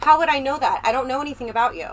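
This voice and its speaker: A woman's voice: animated, very fast. A woman livestreamer chatting casually and ramblingly with her viewers on a close microphone. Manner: chatty and rambling, talking straight to the chat. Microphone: close desk microphone. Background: low fan hum.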